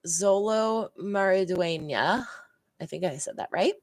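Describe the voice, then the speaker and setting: Slow-talking chatty young woman. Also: fairly low pitch, darkish tone, no echo. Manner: chatty, rambling, laughs often, acts out heated lines. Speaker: reaction channel host. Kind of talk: casual TV episode discussion.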